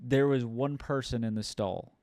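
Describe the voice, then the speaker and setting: Young man telling a rowdy story, crisp and dry. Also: medium pitch, moderate pace, no room sound. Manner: animated, profane storyteller who acts out quotes loudly. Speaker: podcast co-host. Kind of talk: casual storytelling chat.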